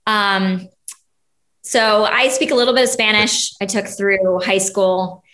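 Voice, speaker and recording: A woman from Ohio, a guest on a podcast, talking in a relaxed, chatty way and laughing easily. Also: medium pitch, slow. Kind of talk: casual chat.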